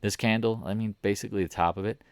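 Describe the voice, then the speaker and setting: A man from the Southern United States hosts a stock trading video with a market recap, speaking quickly and smoothly in a lowish, steady voice. He talks casually and rambles, circling back to repeat his points. The recording is dry and of studio quality.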